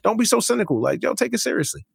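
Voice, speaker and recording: A young man hosting a casual sports podcast, talking in an animated, slangy way and swearing freely. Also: high-pitched, rapid-fire, gravelly, slightly rough, no echo. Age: young adult. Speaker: podcast host.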